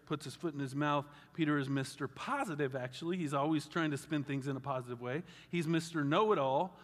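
A man pastor preaching a sermon in a conversational, animated way with wry asides. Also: on the high side. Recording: long reverb of a large hall.

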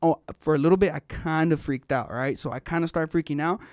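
A man on a podcast telling a long story in casual chat, animated and full of slang and swearing. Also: on the high side, quick pace, no room sound, clean studio sound.

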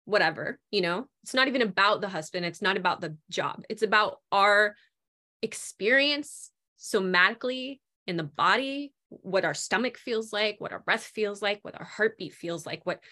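A woman talking casually about food cravings, animated and acting out people's inner voices. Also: mid-range voice, moderate pace. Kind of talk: casual conversation.

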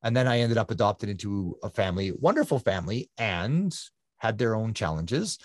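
A man with a fairly low voice recounts his life as a guest, earnest and reflective. He circles back and repeats phrases to press a point. The sound is dry and close, with little room around it. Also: big pitch swings, moderate pace, dry recording. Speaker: guest, endurance athlete. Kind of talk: reflective conversational storytelling.

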